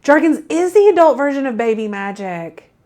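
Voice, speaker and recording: A woman's voice: high-pitched, big pitch swings, moderate pace, crowd noise. A woman in her thirties co-hosting a crafting live stream, chatting casually and laughing often. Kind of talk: casual chat.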